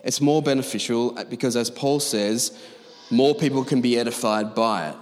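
A man's voice: mid-range voice, normal speed, darkish tone, faint music behind. A man preaching a sermon as pastor, talking emphatically and conversationally with asides to his congregation. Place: large church auditorium. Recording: long reverb of a large hall.

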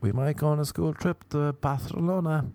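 A man's voice: on the high side, fairly even intonation, moderate pace, darkish tone, no echo, pitched above the performer's own voice, natural voice. A man with an Irish accent putting on his old schoolteacher, a fussy, insistent woman correcting pronunciation.

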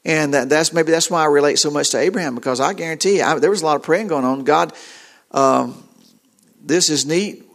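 Halting, earnest preacher man. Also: a little high. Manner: halting, repeats words, earnest storytelling. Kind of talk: sermon.

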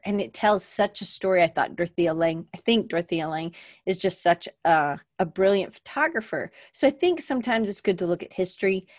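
A woman with a mid-range voice hosts a casual livestream from her desk, chatty and rambling, often restarting her sentences as she moves around. She's a podcast host speaking into a webcam mic at the desk, and the sound is studio quality with no echo.

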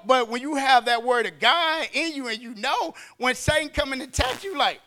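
A man's voice: very high voice, bright, forceful tone. A man preaching a sermon in an emphatic, conversational way. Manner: emphatic and conversational, acting out quick dialogue.

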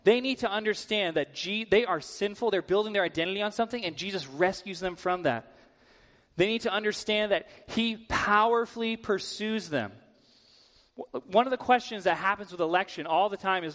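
A man with a fairly high voice preaching a sermon in a church, relaxed and conversational and full of casual filler words. His voice rings out with a long reverb. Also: moderate pace. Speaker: guest preacher. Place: church sanctuary.

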